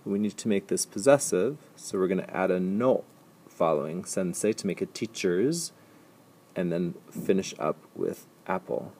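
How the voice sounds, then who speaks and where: A man teaching a language lesson over slides, explaining step by step and repeating example sentences slowly and patiently. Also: deep voice, a little mellow, slight background noise. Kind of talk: recorded slide lecture.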